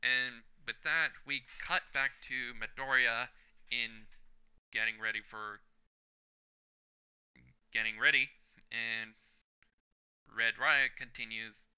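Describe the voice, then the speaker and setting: A man's voice: medium pitch, steady tone, takes it slowly, pauses often, smooth, lo-fi sound. A man hosting a reaction channel, reading a manga chapter aloud panel by panel with his own commentary and chuckling at the jokes. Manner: narrates panel by panel, reading lines out loud.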